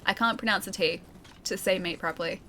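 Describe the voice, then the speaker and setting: A woman's voice: mid-range voice, fairly quick, bright, forceful tone, slight background noise. A young woman with a light Australian accent, chatting and laughing through a game stream and reading out chat. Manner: giggly, chatty, self-mocking. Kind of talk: casual gameplay commentary reading chat.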